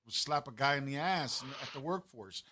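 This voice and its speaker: A man's voice: medium pitch, fairly quick. A middle-aged man hosting a podcast, chatting casually and putting questions to the audience. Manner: animated, poses questions to the audience, swears casually. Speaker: podcast host.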